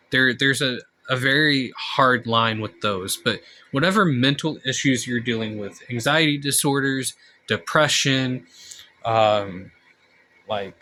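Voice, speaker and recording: A man's voice: medium pitch, pushed and bright, slight background noise. A man talking to camera in a candid casual monologue, blunt and frank with plenty of swearing. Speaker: vlogger.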